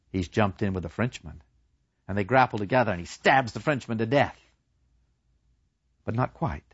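A man's voice: on the low side, slightly rough, no echo, lo-fi sound. A man dramatically retelling a war story in the first person, acting out the quotes. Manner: animated, acts out quotes.

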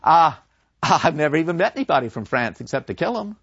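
A man's voice: fairly high pitch, very animated, a little fast, gravelly, fairly bright tone, slightly rough, dry recording, highs cut off, voice pushed up, full character voice. A man voicing a folksy farmer soldier. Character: plain-spoken older farmer soldier.

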